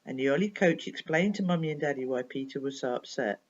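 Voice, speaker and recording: A woman tells a children's story with a lively, sing-song voice. She speaks to her listener directly, asking questions along the way. The recording is dull and lo-fi. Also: extremely low pitch, fast talker. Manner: expressive, addressing the listener with questions. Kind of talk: bedtime story reading for children.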